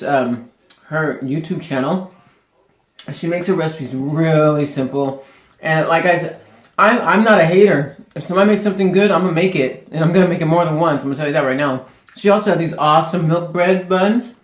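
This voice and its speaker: A man's voice: a little high, brisk. Chatty man hosting an echoey cooking vlog. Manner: chatty, rambling, laughs often. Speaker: cooking show host. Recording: echoey room.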